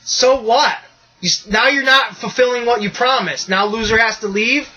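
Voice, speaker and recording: A man's voice: extremely high pitch, normal speed, muffled recording. A man hosting a podcast in casual chat, loose and profane, ranting with energy. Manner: loose, profane, animated rants. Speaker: podcast host.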